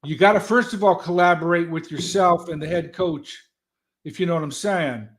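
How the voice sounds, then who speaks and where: A man telling stories as a guest in an animated, folksy, loud way. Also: a little high, moderate pace. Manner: animated, folksy storyteller who talks loud. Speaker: guest, political strategist. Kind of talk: casual motivational talk.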